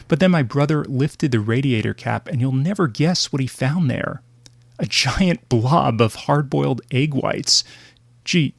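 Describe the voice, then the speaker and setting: Gravelly man narrating a travel story. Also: mid-range voice, no echo. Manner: wry storytelling with dry humor. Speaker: podcast host and narrator.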